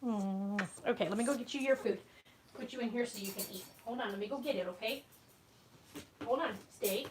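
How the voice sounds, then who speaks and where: High-voiced woman vlogging casually. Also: a little fast, noisy background. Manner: rambling, filler-heavy, coos baby talk to a puppy. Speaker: homesteading vlogger. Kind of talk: casual vlog chat.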